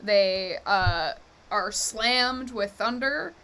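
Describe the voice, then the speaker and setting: A woman's voice: medium pitch, drawn-out words, pushed and bright. A woman running a live tabletop game as game master, narrating in an easygoing way with frequent laughs and fillers.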